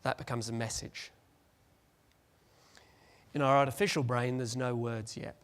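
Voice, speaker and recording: A man giving a lively, joking conference presentation and acting out little scenes. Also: mid-range voice, measured pace. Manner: animated, jokey, acts out scenes. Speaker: conference speaker.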